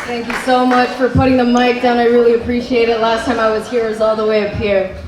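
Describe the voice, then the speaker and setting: A woman's voice: a little high, flat delivery, a little fast, background noise. A woman doing one-liner stand-up on a club stage, a little nervous and laughing at her own jokes. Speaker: stand-up comedian. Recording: echoey live club room.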